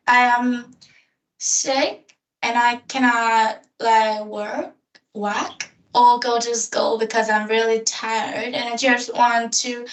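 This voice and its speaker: A woman answers practice questions in slow, hesitant English with a slightly high voice. She sounds distant from the microphone in an echoey room. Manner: hesitant, halting learner English with pauses. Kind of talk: English speaking practice conversation. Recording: echoey room, voice far from mic.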